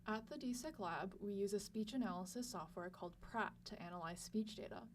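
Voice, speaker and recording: Young woman calmly explaining speech science. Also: mid-range voice. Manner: clear, measured explanatory delivery. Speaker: lab student presenter. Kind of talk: scripted educational narration. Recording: slightly distant mic with faint hum.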